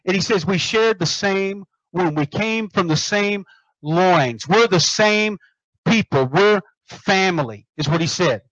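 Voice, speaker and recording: A man's voice: high-pitched, expressive, unhurried, a bit bright, dry recording. A man preaching a sermon, emphatic, repeating phrases and asking the congregation questions. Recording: muffled dry recording.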